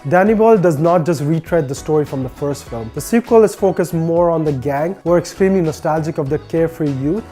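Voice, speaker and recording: A man's voice: a little high, dark tone. A man hosting a film review channel, narrating a scripted review with earnest enthusiasm and chatty asides. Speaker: movie reviewer, channel host.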